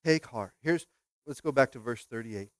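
A male pastor preaching a lively sermon, asking the congregation questions and swinging between quiet asides and loud, emphatic bursts, often repeating words as he restarts. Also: mid-range voice, moderate pace, no echo.

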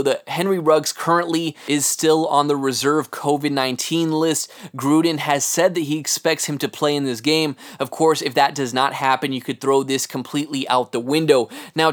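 A man hosting a solo sports podcast, giving an earnest, analytical game preview and talking to his listeners as guys. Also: a little high. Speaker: podcast host.

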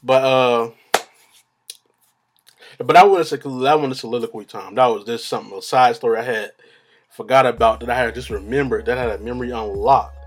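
A man's voice: medium pitch, a little fast. A young man, rambling in casual slang-heavy chat as a solo vlogger, laughing at his own stories.

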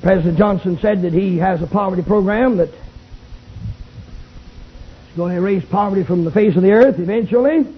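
A Baptist preacher, shouting a fiery revival sermon in a tent and calling for amens. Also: male voice, sits high, brisk, long pauses, husky. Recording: tinny lo-fi old tape recording.

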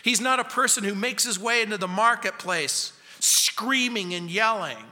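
A male pastor preaching a verse-by-verse sermon in an emphatic way, speeding up and slowing down for effect. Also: sits high, expressive, bright, forceful tone. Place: church sanctuary. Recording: long reverb of a church sanctuary.

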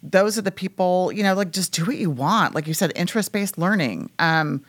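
A woman in her fifties hosts a relaxed conversation with a notably low voice. She talks in loose, chatty phrases, agreeing often and drifting through "like" and "you know.". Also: moderate pace. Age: 50s. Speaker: podcast host. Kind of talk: casual interview chat.

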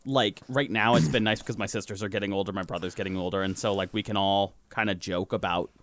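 A man with a lisp chatting casually and telling animated stories, cursing freely. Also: lowish voice, fast, no room sound. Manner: animated storyteller, swears casually. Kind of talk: casual chat.

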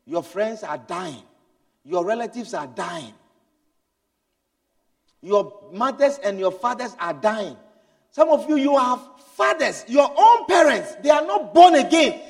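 A man preaching a sermon, swinging between loud, urgent exhortation and low, hushed storytelling. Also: animated, measured pace, in a large hall.

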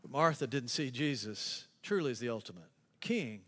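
Animated preacher man in a big hall. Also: moderate pace. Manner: animated preaching, acts out quotes in a higher voice. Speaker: pastor. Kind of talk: sermon. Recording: long reverb of a large hall.

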